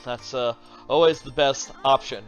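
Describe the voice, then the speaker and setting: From his home desk, a man plays video games on stream and talks at a measured pace in a mid-range voice, meandering through his thoughts aloud with occasional swearing. A desk microphone captures him, with faint music behind.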